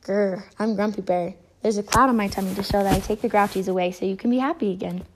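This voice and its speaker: A woman voicing a grouchy male cartoon bear who growls his words gruffly. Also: medium pitch, fairly even intonation, fast, noisy background, close to an everyday voice.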